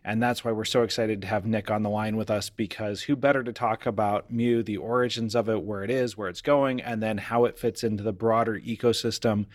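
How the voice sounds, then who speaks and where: A man's voice: fairly low pitch, fairly even intonation, a little fast, few pauses, dry recording, clean studio sound. A man co-hosting a coding-education podcast, welcoming listeners and guests in an upbeat, casual way. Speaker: podcast co-host; coder who teaches.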